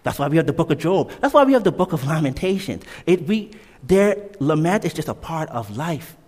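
A man preaches with emphatic energy, repeating his key points and slipping into casual asides. His voice sits a little high and rises and falls a lot. It rings out with the long reverb of a large hall. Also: sing-song, a little fast, a little mellow. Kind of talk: sermon.

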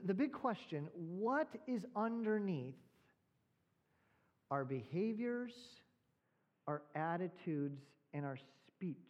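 A male pastor preaching a sermon in a fairly high voice. He tells a story and then asks rhetorical questions. The recording sounds dull and lo-fi.

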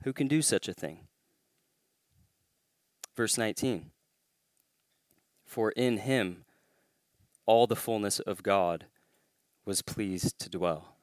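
A man delivers a sermon from the pulpit, deliberate and unhurried. His voice is smooth and resonant and sits close and dry. He leans into key phrases with growing emphasis. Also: fairly low pitch, no room sound. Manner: emphatic, rising to stress key claims. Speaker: pastor.

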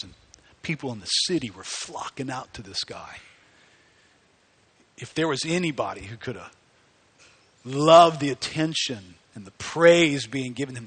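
A man preaching a sermon, animated and conversational, rising to near-shouts at high points. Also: slightly rough. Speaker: pastor.

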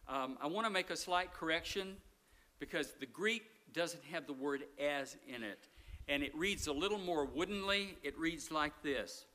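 A middle-aged male guest pastor preaching a sermon in a conversational way, swinging from emphatic lines to soft, near-whispered ones, with self-deprecating asides. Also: on the high side, lively intonation, normal speed.

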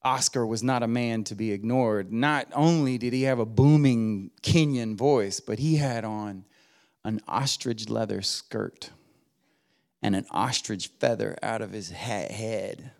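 A man's voice: lowish voice, a little slow, creaky, darkish tone. A middle-aged man preaching a sermon in a church as a guest preacher, folksy and humorous, rising to emphatic exhortation. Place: church sanctuary.

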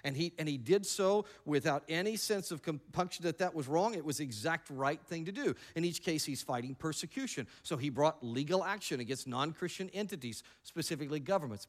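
Male pastor, bright higher voice, animated sermon, jokey asides.

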